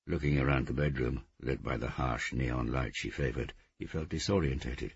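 A man narrating a novel in steady, measured scripted narration. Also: a bass voice, slightly rough, no room sound, muffled recording. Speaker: audiobook narrator.

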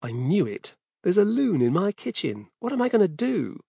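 A frightened father yelling in panic and anger, put on by a male storyteller. His voice leaps well above a normal speaking pitch and pushes loud. The sound is dry and close, with no room around it. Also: wildly swooping pitch, normal speed, gravelly, breathy edge, no echo, exaggerated voice. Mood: uneasy. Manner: shouting, panicked.

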